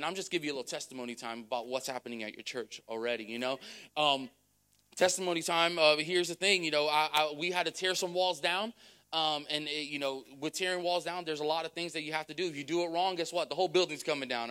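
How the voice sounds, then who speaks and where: A man's voice: on the high side, a bit bright. Casual, chatty male preacher. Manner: conversational, repeats words, asks the crowd. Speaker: pastor. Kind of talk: sermon with testimony.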